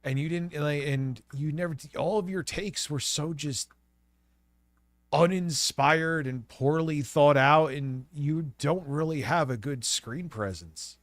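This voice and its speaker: A man's voice: a little high, slow, no echo. A man with a stuffy voice from a cold, mocking and swearing through casual commentary. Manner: blunt, mocking, swears a lot. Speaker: co-host.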